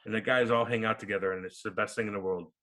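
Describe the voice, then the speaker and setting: A man in his thirties, a podcast guest, telling stories in a lively, profane way and acting out quotes. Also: on the low side, quick pace. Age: 30s. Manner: animated, profane, acts out quotes. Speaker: podcast guest, former hockey player. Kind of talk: casual storytelling interview.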